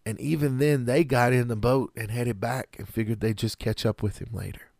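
A man preaching a sermon in an earnest, measured way, with dramatic pauses. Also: medium pitch, steady tone, vocal fry, a little mellow, dry recording, clean studio sound.

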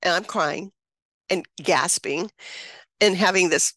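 A woman in her seventies, guesting on an interview show, tells a personal story full of emotion and frequent laughter, acting out the voices she quotes. Her voice is lowish and slow, with no echo.

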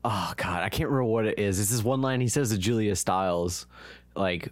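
A man's voice: lowish voice, fairly quick, dry recording. A man co-hosting a casual podcast chat, talkative, laughing often and correcting himself as he goes. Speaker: podcast co-host.

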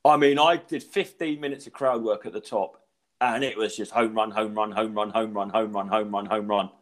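A man's voice: fairly low pitch, steady tone, moderate pace. A middle-aged man, a stand-up comedian, telling stories in casual podcast chat, swearing freely and acting out voices.

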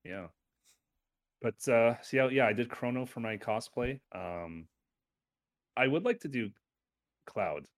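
A man co-hosting a casual chat about video games, rambling and correcting himself, with sudden animated bursts. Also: medium pitch, slow, long pauses, no room sound. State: has hiccups.

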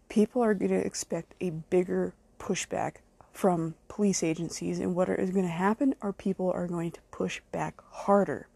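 A woman hosts her own podcast with a blunt, furious solo rant, swearing at every turn and speaking straight to her critics. Her voice is gravelly and husky with a warm, dark tone. The sound is dry, with no room echo. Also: on the low side. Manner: angry and profane, swearing heavily. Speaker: podcast host.

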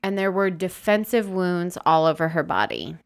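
Low-voiced woman narrating true crime. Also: sing-song, normal speed, gravelly. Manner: narrates from notes, dry asides. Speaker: podcast co-host.

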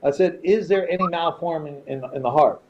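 A man's voice: on the high side, brisk, darkish tone. A man speaks in a slightly raised voice and tells a story to podcast hosts in blunt, cursing language, stumbling over repeated words. The recording is dull and lo-fi, with a faint hiss underneath. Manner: profane, blunt, repeats himself while telling a story. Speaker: podcast guest, retired fighter. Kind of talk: casual storytelling.

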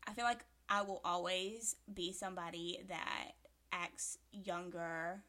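Bright-voiced chatty woman in her late twenties. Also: lowish voice, steady tone, takes it slowly. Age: late 20s. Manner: chatty, heavy on filler words, swears casually. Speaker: podcast co-host. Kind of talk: casual chat.

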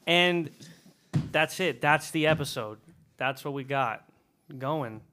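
A man's voice: on the high side, slow pace, pushed and bright, a little hiss or hum. A young man co-hosting a casual podcast, joking and steering the segments. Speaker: podcast host.

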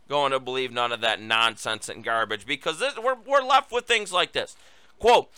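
This is a man hosting his own political show, pitched high with a bright, smooth voice. He talks in a combative, mocking way full of sarcasm. The sound is dry and close, with no room in it. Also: moderate pace, no room sound. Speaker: political talk show host. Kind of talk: opinionated political commentary.

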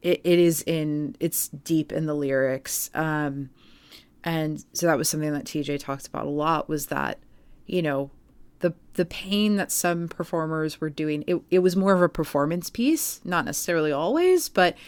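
A woman with a notably low voice tells a story on a podcast in a relaxed, chatty way, full of "like" and "um". The sound is close and dry, with no room around it. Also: moderate pace, smooth, no echo. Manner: chatty storytelling with many fillers. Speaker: podcast co-host. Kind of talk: casual podcast chat.

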